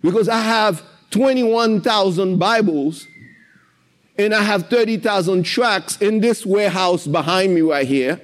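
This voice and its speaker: A man's voice: high-pitched, unhurried. A man sharing a faith testimony about his Christian literature business, telling it in an earnest, emotional way and repeating himself as he goes. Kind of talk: personal faith testimony, storytelling. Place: in his warehouse.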